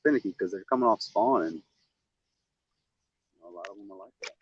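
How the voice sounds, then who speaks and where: A man fishing with friends outdoors, making quick short remarks. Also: sits low, animated, husky. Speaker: fishing partner. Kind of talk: casual chat while fishing. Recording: distant dull lo-fi outdoor audio.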